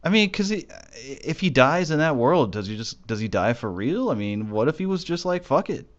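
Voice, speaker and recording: A man's voice: medium pitch, sing-song, moderate pace, dull audio. A young man co-hosting a casual anime discussion, joking profanely and acting out the characters' lines. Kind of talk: casual chat.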